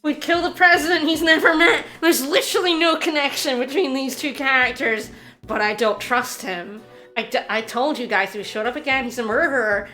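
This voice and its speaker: A woman streaming a video game, chatting casually with her viewers, excitable and insistent, repeating herself and laughing often. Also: high-pitched, normal speed, soft background music. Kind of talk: casual game commentary to chat.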